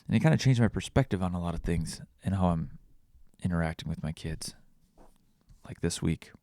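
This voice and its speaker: Man, deep voice, rambling, dry recording, podcast host. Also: lively intonation, a little fast, mellow, no room sound. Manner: rambling, self-deprecating, crude jokes. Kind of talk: casual solo podcast monologue.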